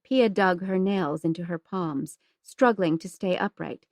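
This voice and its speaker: A woman narrating a historical novel as an audiobook in a measured, steady reading. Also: on the low side, no room sound, clean studio sound. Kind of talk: scripted narration.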